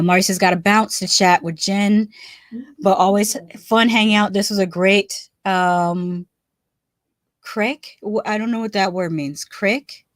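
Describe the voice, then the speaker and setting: A woman's voice: lowish voice, no echo, clean studio sound. A woman hosting a casual live stream, chatting loosely, laughing often and restarting her sentences. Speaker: livestream host.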